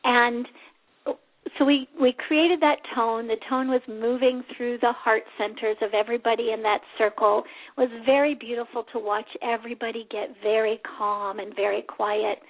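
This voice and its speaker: A woman hosting a reflective spiritual talk show, speaking gently and unhurriedly with many pauses over a phone call. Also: on the high side, fairly even intonation. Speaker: spiritual radio show host. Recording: tinny phone line.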